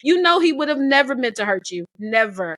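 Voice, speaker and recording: A woman co-hosting a casual book club discussion, animated and opinionated, acting out the characters' lines as she talks. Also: sits high, brisk, no room sound, clean studio sound.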